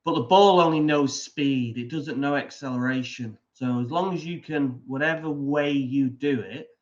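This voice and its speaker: A man coaching putting explains his ideas in a measured way, pausing on "um" and restarting his sentences. His voice is mid-pitched. The recording sounds a little dull and muffled. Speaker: putting coach, interview guest. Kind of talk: explanatory interview answer.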